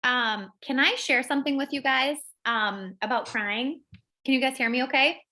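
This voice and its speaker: A woman's voice: high voice, moderate pace, pushed and bright. A woman hosting a wellness group over a video call, telling a rambling story with many fillers. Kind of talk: casual chat on a video call.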